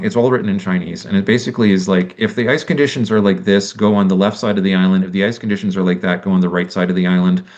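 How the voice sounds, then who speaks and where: A man giving a conversational lecture, animated and exasperated, acting out imagined exchanges and often restarting his sentences. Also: on the low side, dull audio. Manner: many restarts and self-corrections.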